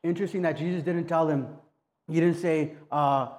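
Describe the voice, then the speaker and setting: Man, pastor type, fairly high but warm and mellow voice; loose, conversational sermon delivery with restarts. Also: dull audio. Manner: casual, halting, frequent restarts and "right?".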